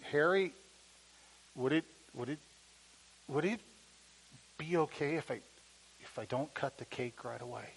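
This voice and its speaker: A man voicing a timid, lonely middle-aged woman at a diner, speaking in a hesitant, soft, halting way. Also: fairly high pitch, gravelly, breathy edge, exaggerated voice, rough recording.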